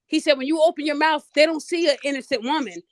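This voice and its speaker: Blunt, high-voiced woman host. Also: quick pace, no room sound. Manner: animated, blunt, talks straight to listeners. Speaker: podcast host. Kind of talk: casual storytelling monologue.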